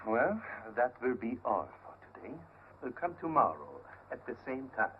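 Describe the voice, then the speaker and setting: An actor playing an ingratiating shopkeeper who coaxes a young woman with soft, smooth talk, in 1930s film acting. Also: mid-range voice, sing-song, normal speed, lightly acted. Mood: coaxing. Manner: coaxing, smooth-talking. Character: ingratiating male shopkeeper with a French shop name. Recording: tinny 1930s film soundtrack with hiss.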